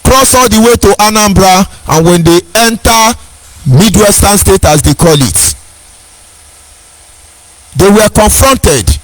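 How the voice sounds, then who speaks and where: A man's voice: high voice, expressive, slow, long pauses, no room sound, rough recording. A Nigerian man giving an impassioned speech, stressing his points by repeating questions and phrases. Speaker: speaker.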